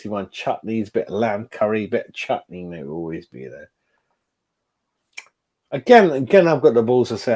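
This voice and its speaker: A man, hosting his own fan channel and reacting live to his chat, swearing a lot. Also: medium pitch. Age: 40s. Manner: sweary, animated, talking to chat.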